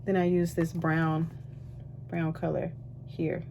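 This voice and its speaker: A woman's voice: deep voice, takes it slowly, gravelly, a little hiss or hum. Chatty woman vlogging from a ship cabin. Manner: chatty, animated, lots of asides to viewers. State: out of breath. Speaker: cruise ship singer and vlogger. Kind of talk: casual vlog chat while doing makeup.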